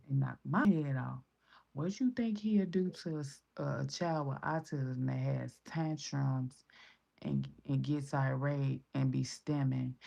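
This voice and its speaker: Her voice rumbles low, gravelly and dark as this Chicago-accented mother in her thirties vlogs. She's casual, blunt and profane, raising her voice when quoting others.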